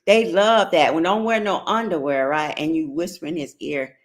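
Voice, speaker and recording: A middle-aged woman with an African American Vernacular English accent hosts a casual relationship advice talk, blunt and profane as she checks in with her listeners. Her voice is deep, her pace moderate, and she barely pauses.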